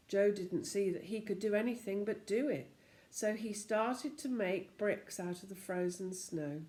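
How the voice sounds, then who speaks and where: An older woman, a grandmother, reads a storybook aloud to her grandchildren in an expressive storytelling manner. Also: mid-range voice, unhurried.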